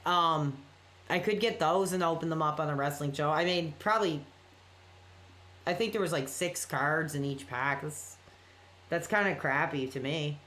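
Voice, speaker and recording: A man's voice: a little high, normal speed, sharp tone, a little hiss or hum. Rambling apologetic man streaming late at night. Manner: rambling, apologetic, reacting to chat messages. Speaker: live streamer. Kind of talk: casual late-night live-stream chat.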